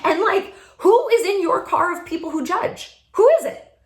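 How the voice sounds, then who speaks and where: A woman's voice: very high-pitched, moderate pace. A woman hosting a vlog, giving a casual motivational talk to camera, emphatic and laughing often. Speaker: vlog host. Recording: echoey room.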